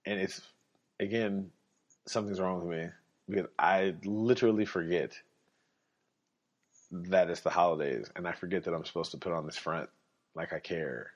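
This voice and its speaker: A young man with a very low voice rants bluntly in a casual podcast monologue, swearing often and dripping with sarcasm. The recording sounds dull and lo-fi. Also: moderate pace, pauses often. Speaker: podcast host.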